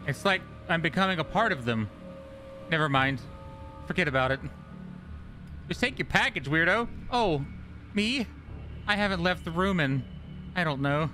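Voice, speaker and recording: A man's voice: a little high, sharp tone. A man voicing a reclusive tenant who is suspicious of a delivery driver, in a muttering tone. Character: reclusive paranoid shut-in man.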